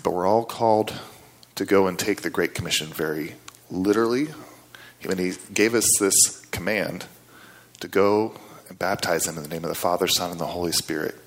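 A man's voice: low voice, moderate pace. A man preaching a storytelling sermon in an earnest, conversational way, often checking in with his listeners.

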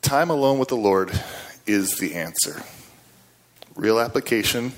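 A middle-aged man delivers a sermon in a slightly low voice. He talks in a conversational, folksy way, with casual asides to the congregation. When he presses a point, his voice climbs and gains emphasis. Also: expressive, a little slow. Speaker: guest preacher.

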